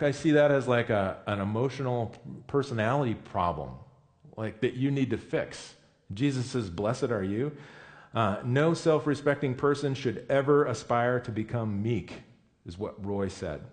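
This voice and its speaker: A man's voice: mid-range voice, a little mellow. A man preaching a sermon in a conversational, emphatic way, often correcting himself mid-sentence. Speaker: pastor.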